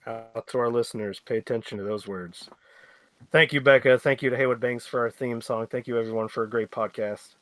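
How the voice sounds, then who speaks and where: Bright-voiced rambling male podcast host. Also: medium pitch, steady tone, fairly quick, slight background noise. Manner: rambling, filler-heavy. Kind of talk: casual chat.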